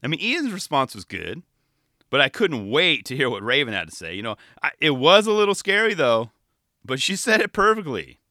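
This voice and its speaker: A young man giving casual commentary on a dating show, animated and laughing, full of fillers. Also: on the high side, moderate pace, dry recording, studio quality. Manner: animated, laughing, frequent "you know" fillers. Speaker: show reviewer.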